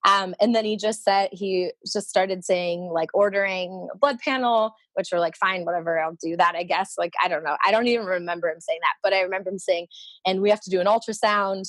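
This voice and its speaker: A woman tells a personal story in a casual chat, laughing often and slipping into the voices of the people she quotes. Her voice sits at a middling pitch and sounds dry and close to the mic. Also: steady tone, fairly quick, fairly bright tone, dry recording. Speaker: podcast guest.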